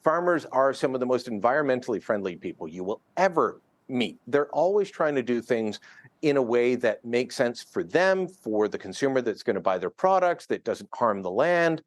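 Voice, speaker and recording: A man with a medium-pitched voice and big pitch swings speaks at a moderate pace on a dry recording. As a guest columnist linked in remotely from a studio in another city, he offers opinionated, chuckling political commentary in a news interview.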